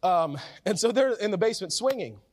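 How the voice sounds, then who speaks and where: Man preaching, loud to hushed. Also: sits high, sing-song, brisk. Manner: conversational preaching that swings from loud and urgent to soft and quiet; repeats words and restarts phrases. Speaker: pastor. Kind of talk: sermon.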